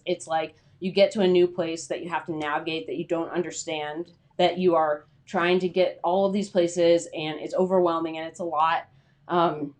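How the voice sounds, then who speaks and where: A young adult woman hosting a casual livestream, chatty and rambling with lots of filler words. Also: on the low side. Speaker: freelance writer hosting a livestream.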